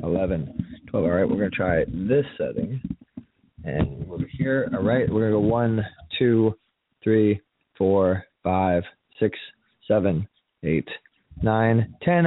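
A man's voice: fairly low pitch, moderate pace, no echo, phone-quality sound. A man hosting his own show, casually testing his desk microphone, joking and counting as he tries settings. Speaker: show host. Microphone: USB desk microphone.

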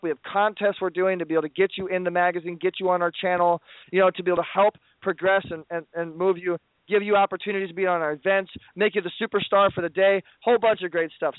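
Over a tinny, phone-like line with a dry, roomless sound, a male radio host closes his talk show with excited plugs, pleading and effusive, plus playful banter. His high voice comes fast with a flat delivery.

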